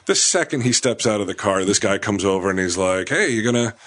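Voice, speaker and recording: A man's voice: fairly low pitch, animated, fairly quick, a bit bright. A man casually telling a profane neighborhood anecdote in a podcast chat.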